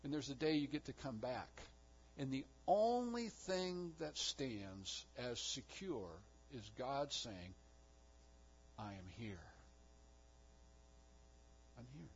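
A man preaching a sermon with emphatic delivery, rising to loud declarations and dropping to hushed low lines. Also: big pitch swings, takes it slowly, hardly any pauses, dull audio, slight background noise. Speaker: pastor.

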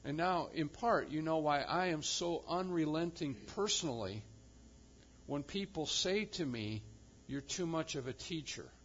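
A male pastor preaching a sermon with emphasis, swinging from loud proclamation to quiet intensity. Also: fairly high pitch, a little slow, lo-fi sound, slight background noise.

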